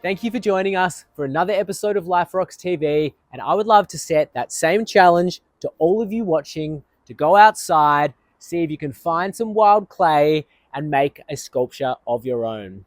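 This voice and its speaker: A man's voice: fairly high pitch, animated, moderate pace, hardly any pauses, no room sound, soft background music. A man cheerfully signing off a children's show and encouraging viewers. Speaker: host. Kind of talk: upbeat show sign-off.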